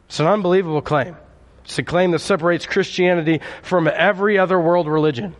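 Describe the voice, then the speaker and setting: Fast and steady in tone, a high-voiced male pastor preaches in a spacious, big-room setting. He keeps things conversational and asks the congregation to answer back.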